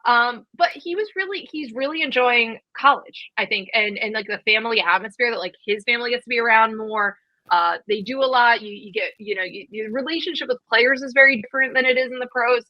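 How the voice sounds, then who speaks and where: A woman in her thirties co-hosting a college football podcast, talking fast and casually with lots of fillers. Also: fairly high pitch, dry recording, dull audio. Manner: quick, chatty, many fillers. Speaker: podcast co-host. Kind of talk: casual sports chat.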